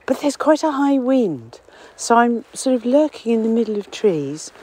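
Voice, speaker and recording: Walking through trees on a windy common, a woman who writes locally and contributes to a podcast keeps a casual spoken diary, slightly out of breath and rambling with self-deprecating humor. Her voice is on the high side, very animated and mellow with a breathy edge, at a moderate pace. The audio is poor, recorded on a phone or portable recorder with no headphones.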